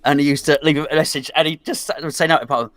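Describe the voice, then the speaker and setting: A man's voice: a little high, level tone, fast, fairly bright tone, no room sound. A man co-hosting a casual football chat, teasing the others and rambling through joking anecdotes. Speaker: podcast co-host. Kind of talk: casual banter on a football watch-along.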